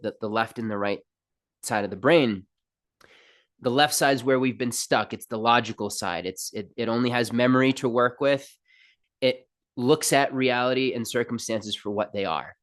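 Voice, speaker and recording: A man's voice: mid-range voice, moderate pace, a bit bright. A man hosting a spiritual self-help podcast, talking straight to the listener in an emphatic, playful way. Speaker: podcast host and spiritual counselor. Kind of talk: motivational spiritual talk.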